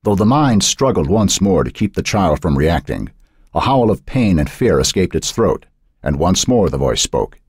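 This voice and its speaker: A man narrating an audiobook in a dark, suspenseful reading style. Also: sits low, big pitch swings, moderate pace, breathy edge, no room sound, clean studio sound. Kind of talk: scripted narration.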